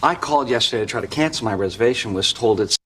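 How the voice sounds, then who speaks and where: A man's voice: mid-range voice, animated, quick pace, noisy background, close to an everyday voice. An actor playing a frustrated male hotel guest in a sitcom clip, insistent and exasperated.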